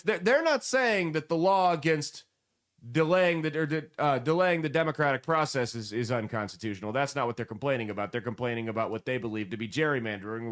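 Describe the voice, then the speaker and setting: A man hosting a political commentary show, animated and sarcastic, mocking the people he quotes. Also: mid-range voice. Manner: animated, sarcastic, mocking voices when quoting.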